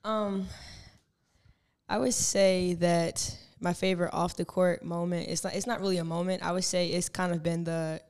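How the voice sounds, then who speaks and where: A young woman, a college basketball player, answering interview questions in a calm, reflective way with many filler words. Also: on the low side, normal speed, clear, resonant tone. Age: young adult. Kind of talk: casual interview.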